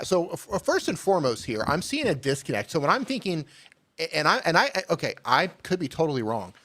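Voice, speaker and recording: Easygoing male co-host reasoning aloud. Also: mid-range voice. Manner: easygoing, candid, reasons out loud. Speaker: co-host of a live-stream channel review game show. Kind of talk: casual live-stream chat and channel critique.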